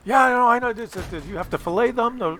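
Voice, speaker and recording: An enthusiastic older father insists on explaining his cooking, repeating himself eagerly, as a man puts him on. The voice sits noticeably higher and brighter than the man's own. He talks with a pushy, eager energy. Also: fast talker, a little hiss or hum.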